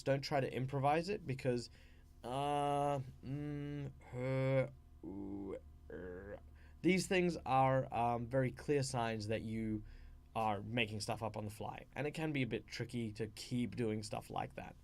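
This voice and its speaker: An Australian man explains tabletop role-play tips in a loose, conversational way. His pitch sits in the middle range, and he often stops to restart his sentences. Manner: rambling, with frequent fillers and restarts. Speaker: channel host.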